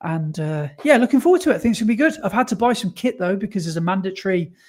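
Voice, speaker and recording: A man's voice: high-pitched, animated, very fast. A man co-hosting a podcast, chatting casually in an easygoing, rambling way. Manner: easygoing, rambling, repeats himself. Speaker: podcast co-host. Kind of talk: casual chat.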